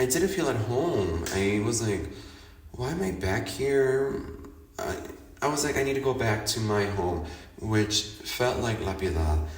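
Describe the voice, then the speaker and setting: A man from Chicago with a Chicago accent, talking casually and expressively about his life, laughing often and acting out what he said. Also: on the low side. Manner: chatty and expressive, laughs often, theatrical quoted asides. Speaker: podcast host. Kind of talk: casual personal monologue. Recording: roomy echo, somewhat distant from the mic.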